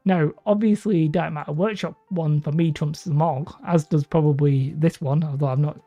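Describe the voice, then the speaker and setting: Her voice is low, mellow and steady, moving at a moderate pace as she hosts a hobby livestream. She chats casually, reads comments from viewers and rambles between laughs, all in dull lo-fi audio with faint background music.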